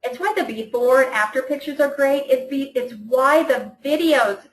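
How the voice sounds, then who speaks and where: A woman's voice: high-pitched, normal speed, roomy sound, low-quality recording. A woman coaching her sales team in a casual training call, chatty and enthusiastic, often restarting her sentences.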